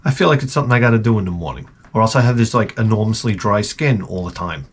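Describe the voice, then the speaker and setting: A middle-aged man hosting his own show delivers a casual comedic rant, a profane, rambling, self-mocking story full of stammered restarts. His voice is fairly low, fast, and husky.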